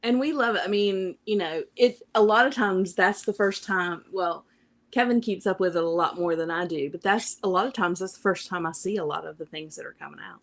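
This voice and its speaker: A woman's voice: on the low side, a little fast. A woman with a Southern US accent co-hosting a casual podcast chat, laughing often. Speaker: podcast co-host.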